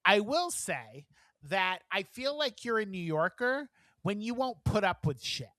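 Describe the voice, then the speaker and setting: A man co-hosting a podcast, telling animated, profane stories in casual chat and acting out the people in them. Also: high voice, unhurried, dry recording, clean studio sound. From moved to New York from elsewhere. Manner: animated, profane storytelling with acted quotes. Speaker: podcast co-host.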